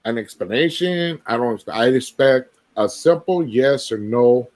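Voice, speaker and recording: A man's voice: medium pitch, lively intonation, measured pace, darkish tone. A man, a former co-host, arguing tersely and demanding yes-or-no answers. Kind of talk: heated confrontation.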